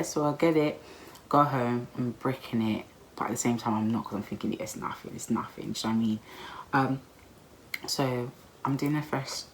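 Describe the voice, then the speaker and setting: A woman in her twenties telling a personal story in a chatty, expressive vlog style, full of slang. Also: very deep voice, slight background noise, low-quality recording. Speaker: vlogger.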